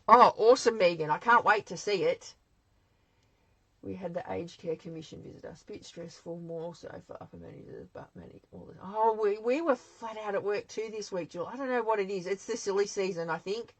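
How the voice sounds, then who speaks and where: A woman's voice: mid-range voice, a little fast, fairly bright tone, no room sound, low-quality recording. An Australian woman hosting a live craft demonstration from her home craft shed, chatting in a rambling way and answering viewer comments as she works.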